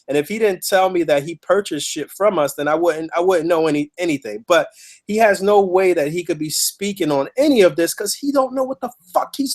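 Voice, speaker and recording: Male podcast host, a bit high-pitched, emphatic and blunt in casual chat. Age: adult with a child. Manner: emphatic, profane, heated storytelling.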